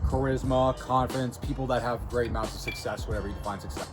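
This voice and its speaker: A man's voice: medium pitch, fairly even intonation, quick pace. Blunt man coaching over music. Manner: direct, blunt, often checks in with "okay?" and "right?". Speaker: self-improvement video host. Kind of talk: casual coaching talk to camera. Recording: music playing clearly behind him.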